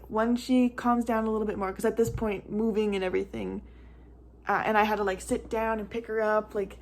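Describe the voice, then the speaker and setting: A woman's voice: fairly high pitch, a little mellow. A young woman and mother telling a casual storytime vlog, chatty and rambling with many "like" fillers, close to tears at times.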